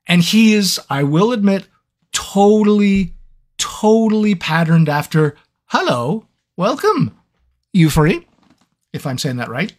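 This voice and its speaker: Seated at a microphone for a casual livestream Q&A, a voice actor chats with his fans, rambling and joking about his own scattered mind in a self-mocking way. His voice sits high, and his speech is unhurried and sing-song.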